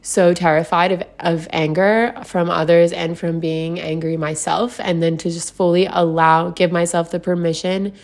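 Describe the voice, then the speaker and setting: A woman's voice: lowish voice, flat delivery, moderate pace, hardly any pauses. A young woman talking candidly to her viewers about a personal experience, emotional and full of "like" fillers, laughing often. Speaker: vlogger. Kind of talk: casual personal storytelling.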